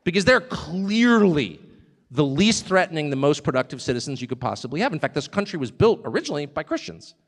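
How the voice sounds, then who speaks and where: A man's voice: a little high, sing-song, a little fast. Male speaker, live speech, emphatic and wry, long hall reverb. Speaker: speaker at a public event.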